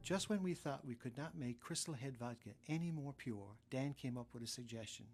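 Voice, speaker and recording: A man's voice: medium pitch, fairly quick, darkish tone, soft background music. A man speaking as a company representative in an advertisement, earnest and promotional. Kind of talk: advertisement pitch.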